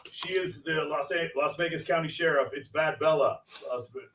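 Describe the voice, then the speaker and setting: A man hosting a casual panel show, joking and introducing a row of guests in quick succession. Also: a little high. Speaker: host. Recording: distant mic with noticeable background noise.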